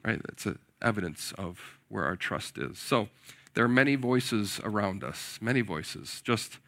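A man in his forties, a pastor preaching a sermon in an animated way, often putting questions to his listeners. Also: on the low side, measured pace, creaky. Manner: animated, asks the audience questions, often says "right?".

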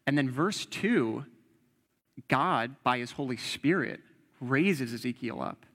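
A man's voice: medium pitch, expressive, slow, fairly bright tone, long reverb tail. A young man preaching an earnest, conversational sermon and quoting scripture.

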